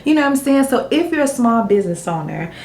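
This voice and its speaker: A woman's voice: fairly high pitch, big pitch swings, fast, a little mellow, a little hiss or hum. A woman in her thirties, chatting candidly at home to camera about her business launch with a Southern-style casual way of talking. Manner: chatty and candid, Southern slang, emotional and grateful. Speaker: small business owner vlogging a product launch. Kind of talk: casual vlog chat to camera.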